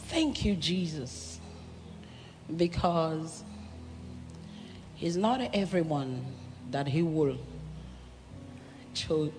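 A woman's voice: low-pitched, darkish tone. A woman giving a heartfelt, testifying acceptance speech as a music minister. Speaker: music minister receiving an award. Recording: echoey hall with music behind.

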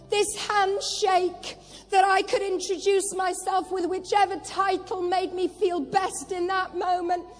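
A woman preacher with a very high voice delivers a slow, deliberate sermon that swells into impassioned, tearful declarations. Her words ring out through a large hall with a long reverb tail, while soft music plays underneath. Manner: testimony building to impassioned prophetic cries.

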